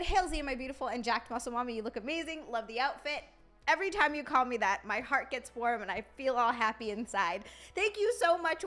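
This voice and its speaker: A woman's voice: high-pitched, fairly bright tone. Chatty, foul-mouthed young woman streamer. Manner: chatty, swears freely, reads out viewer names. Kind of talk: casual live-stream chat.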